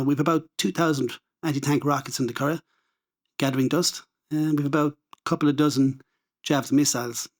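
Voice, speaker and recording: An Irish man on a conference panel with a mid-pitched voice. He answers in a blunt, emphatic and direct way. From Ireland. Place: conference room.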